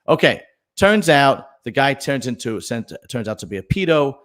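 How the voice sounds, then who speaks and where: A man's voice: medium pitch, sing-song, normal speed, a bit bright. A male podcast host chatting casually about news stories, rambling with lots of fillers and restarts and telling jokes for donors. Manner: tells jokes read out for viewer donations.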